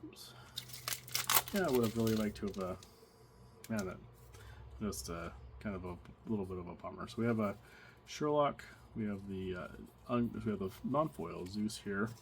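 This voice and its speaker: A card collector casually narrates while opening packs, thinking aloud with lots of fillers and restarts. His voice is on the low side at a normal speed, with frequent pauses, and background noise and card crinkling can be heard.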